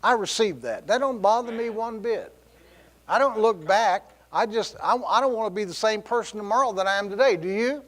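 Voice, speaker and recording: A man's voice: high-pitched, normal speed, fairly bright tone. A middle-aged man preaching a sermon in a church, telling stories with laughs and quoted voices. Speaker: pastor. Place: church sanctuary.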